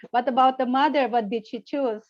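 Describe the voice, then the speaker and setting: A woman's voice: sits high, unhurried, no echo. Woman teaching a Buddhist lesson. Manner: questioning, gently instructive. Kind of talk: storytelling lesson to children. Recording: dull lo-fi sound, dry.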